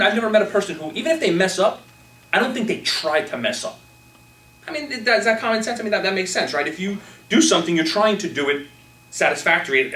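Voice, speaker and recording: Fast-talking man speaking in a roomy hall. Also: high-pitched. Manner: animated, acts out quoted reactions. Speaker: speaker leading a Toastmasters workshop. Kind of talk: live motivational talk. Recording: roomy, from a distance, faint noise.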